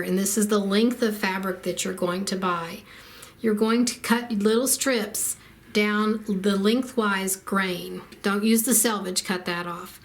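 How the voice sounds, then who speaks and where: A middle-aged woman talks through a quilt pattern in a casual tutorial. She explains each step plainly, pausing on ums. Her voice sits at an ordinary middle pitch. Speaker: quilting instructor.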